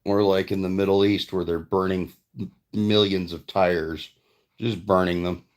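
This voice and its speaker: A man's voice: sits low, level tone, unhurried. A man and father telling a rambling, profane story in a casual vlog. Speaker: vlogger and father.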